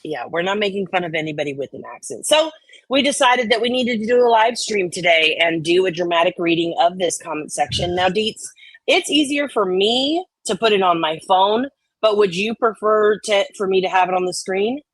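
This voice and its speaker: Brief: laid-back woman host, mid-pitched voice, dry close mic, reading comments. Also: expressive, normal speed, no echo, low-quality recording. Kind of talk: casual livestream chat.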